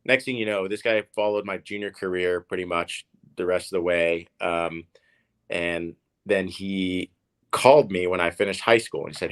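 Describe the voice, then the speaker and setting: A man in his thirties with a deep, low voice, guesting in a relaxed interview. He is from Oklahoma and tells his stories in a rambling way, full of fillers and restarted words. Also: moderate pace. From Oklahoma, USA. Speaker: guest, professional tennis player. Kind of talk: casual storytelling interview.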